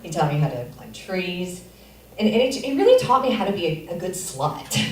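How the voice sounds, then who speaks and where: A middle-aged woman doing a stand-up comedy set in a theater, with a deadpan delivery and filler pauses, as the audience laughs. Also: on the low side, slight background noise. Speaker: stand-up comic. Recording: roomy echo, far from mic.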